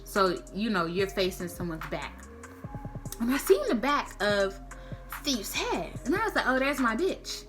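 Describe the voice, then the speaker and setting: A young woman vlogger, telling a slangy, animated storytime. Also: medium pitch, unhurried, over music. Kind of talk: storytime vlog.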